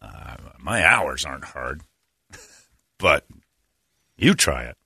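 A man's voice: rumbling low, big pitch swings, slow, creaky, bright, forceful tone, breathy edge, dry recording, studio quality. A man hosting a talk show, telling stories in a blunt, sarcastic way. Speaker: show host. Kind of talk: casual chat.

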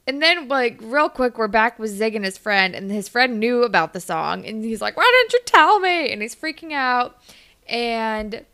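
A woman's voice: fairly high pitch, lively intonation, moderate pace, sharp tone, clean tone. A woman co-hosting a podcast, recapping a TV episode in casual chat, laughing often, swearing and acting out the characters' lines.

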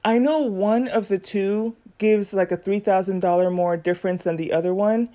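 A woman's voice: medium pitch, fairly even intonation, normal speed, dark tone. A woman hosting a podcast in a casual chit-chat monologue, talking with many fillers and acting out the conversations she tells. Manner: chatty, many fillers, acts out quoted dialogue. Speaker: podcast host.

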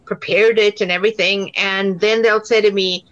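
A woman's voice: mid-range voice, fairly even intonation, normal speed, a bit bright. South African woman chatting on muffled audio. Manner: chatty storytelling, many fillers and restarts. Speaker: actor, interview guest. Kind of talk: casual interview answers.

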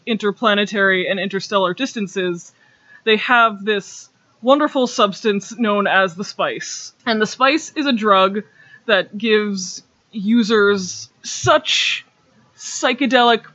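A man's voice: sits high, pushed and bright, dry recording. A man explaining at length in casual podcast chat, full of fillers and laughing as he goes. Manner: chatty, filler-heavy, laughs as he talks. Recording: dull, dry lo-fi recording.

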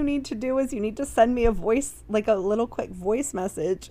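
A woman's voice: fairly high pitch, moderate pace, few pauses, mellow. A woman co-hosting a podcast in casual chat, chatty and giggly, laughing often as she reads listener messages. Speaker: podcast co-host.

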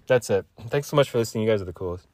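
A man's voice: on the low side, expressive, racing, a little mellow, no room sound. A man hosting a podcast alone, complaining in a frustrated, casual rant, swearing and repeating himself. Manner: swears often, calls listener man and dude. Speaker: podcast host.

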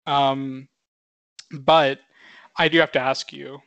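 A man's voice: mid-range voice, level tone, slow, vocal fry, fairly bright tone, smooth, dry recording, lo-fi sound. A man in his twenties co-hosting a casual movie podcast, rambling with lots of fillers and casual swearing. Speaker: podcast co-host.

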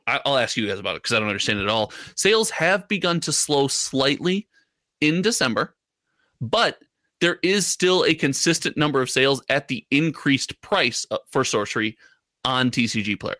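A man with a bright, forward voice teases his co-hosts in fast banter on a podcast. His pitch leaps around a lot, and the recording is close and dry. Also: no echo. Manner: teasing, quick banter. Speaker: podcast co-host. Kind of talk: casual chat. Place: home.

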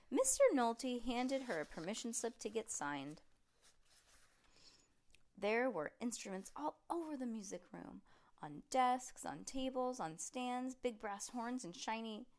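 A woman reading a children's book aloud, her pitch swinging widely and playfully from line to line. She puts on voices for the characters as she reads. Now and then she trips over a word and goes back. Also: unhurried. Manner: lively, animated reading with voiced characters and frequent slips. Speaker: storybook reader.

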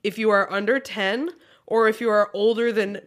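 A woman's voice: medium pitch, steady tone, normal speed. A woman co-hosting a podcast, chatting casually, rambling with lots of fillers and frequent giggles. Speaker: podcast co-host. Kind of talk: casual chat.

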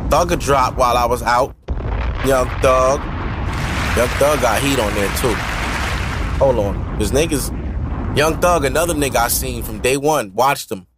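A man's voice: mid-range voice, background noise. A man hosting a solo podcast in loose, profane, rambling casual chat, laughing often. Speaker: podcast host.

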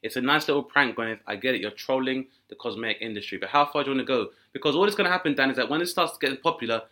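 A man's voice: mid-range voice, rapid-fire. A man co-hosting a casual comedy chat, riffing and acting out voices in his stories. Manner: animated, acts out voices in quoted exchanges. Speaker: podcast co-host.

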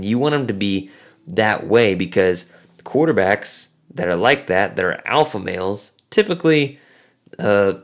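Podcast co-host, male, lively swinging pitch, filler-heavy casual sports chat. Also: vocal fry. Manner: animated, many fillers.

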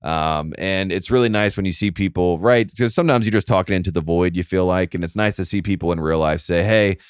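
A man's voice: low voice, fairly quick, clean tone, dry recording, clean studio sound. A man hosting a casual sports podcast, rambling and self-mocking, with lots of fillers and restarts. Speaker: podcast host.

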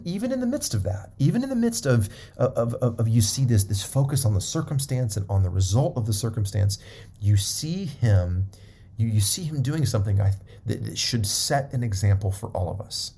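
A man's voice: on the low side, creaky, mellow, breathy edge. A man preaching a sermon, emphatic and repetitive, often checking in with his listeners.

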